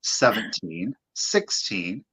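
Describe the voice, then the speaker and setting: A co-host of a live online vintage sale, counting down bids slowly and thanking buyers by name. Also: low voice, big pitch swings, bright, forceful tone, husky. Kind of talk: live online sales chat. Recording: dull lo-fi sound.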